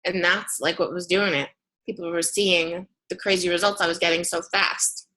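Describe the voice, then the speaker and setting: A woman's voice: lowish voice, flat delivery, normal speed, pushed and bright. A woman telling her story on a team video call, chatty and full of fillers. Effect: robotic distortion at times. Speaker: guest speaker.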